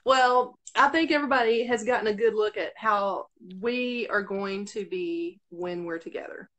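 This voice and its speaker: A woman's voice: mid-range voice, normal speed, fairly bright tone, highs cut off. A woman from Arkansas with a Southern accent, a radio host chatting casually and giggling over a video call. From Arkansas, USA. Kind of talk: casual live-stream chat.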